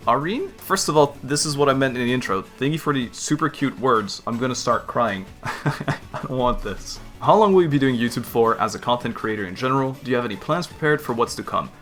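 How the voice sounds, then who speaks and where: A man's voice: mid-range voice, quick pace, few pauses, a bit bright. Chatty self-deprecating man, faint music behind. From Netherlands. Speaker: YouTuber. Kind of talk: casual Q&A chat.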